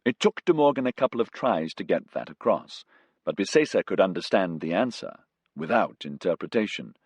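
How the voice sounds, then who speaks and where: Husky, lively male audiobook narrator. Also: low-pitched, moderate pace, no echo. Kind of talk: scripted narration.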